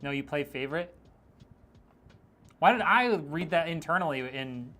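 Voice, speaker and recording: A man's voice: fairly high pitch, expressive, measured pace, bright, forceful tone. Joking man reading a live chat. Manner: joking, teasing, laughs often. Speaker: streamer building PCs. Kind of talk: casual live-stream chat reading viewer messages.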